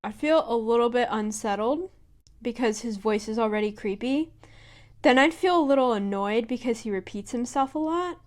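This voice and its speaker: A woman's voice: fairly high pitch, normal speed. A young woman co-hosting a podcast, speaking in a blunt, slangy, wry casual manner. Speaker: podcast co-host. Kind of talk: casual chat.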